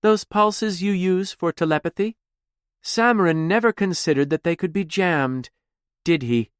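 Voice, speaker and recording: A man's voice: high-pitched, unhurried, smooth, no echo, studio quality, pitched above the performer's own voice. A man doing a taunting woman officer. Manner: taunting, theatrical, demanding. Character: cold, needling woman officer interrogating.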